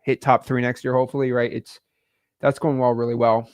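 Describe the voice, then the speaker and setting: A young man hosting a live stream, talking emotionally and haltingly, repeating words and sighing. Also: medium pitch, flat delivery, dry recording, clean studio sound. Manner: halting, repeats words, sighs, swings between loud and quiet.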